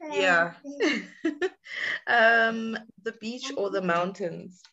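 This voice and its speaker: A woman's voice: medium pitch, very slow, muffled recording, crowd noise. A woman hosting a podcast, asking questions in a casual, encouraging way and laughing often. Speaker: podcast host. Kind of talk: casual interview chat.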